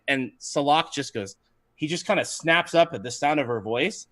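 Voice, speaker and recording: A man running a tabletop game livestream as game master, narrating in an animated, chatty way. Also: fairly high pitch, normal speed.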